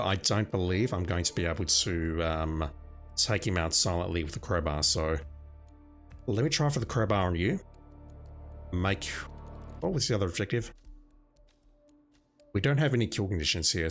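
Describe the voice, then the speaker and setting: A hoarse man with a lowish voice talks through his game plan as he streams, thinking aloud step by step. His voice is worn and scratchy, and faint music plays behind him. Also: a bit bright. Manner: thinking aloud, planning moves. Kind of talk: gaming commentary.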